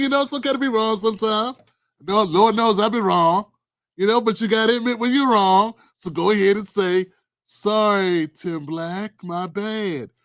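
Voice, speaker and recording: Man, high voice, sarcastic, colloquial livestream host. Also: fairly bright tone. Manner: sarcastic, colloquial, talks to viewers. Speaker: political commentary host. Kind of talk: casual livestream commentary.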